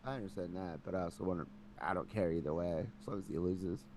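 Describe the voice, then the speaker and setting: A man co-hosts a podcast with a low voice and a sarcastic, joking edge, tossing in crude wisecracks. There is a faint background hiss. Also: steady tone, fast talker, darkish tone. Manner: joking, sarcastic banter, profane. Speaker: podcast co-host. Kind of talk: casual chat.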